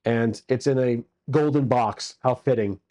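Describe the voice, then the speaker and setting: A man narrates and rolls for a solo tabletop game in a loose, rambling way. His voice is warm and mellow at a middling pitch, and it is full of fillers and crude asides. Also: measured pace. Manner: casual, crude jokes, many fillers.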